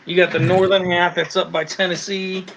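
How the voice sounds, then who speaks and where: A man's voice: high voice, level tone, normal speed, gravelly, fairly bright tone, a little hiss or hum. A man from Alabama with a Northeastern US accent, hosting a casual chat and trading joking jabs. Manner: teasing, joking banter. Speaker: channel host. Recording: muffled lo-fi sound.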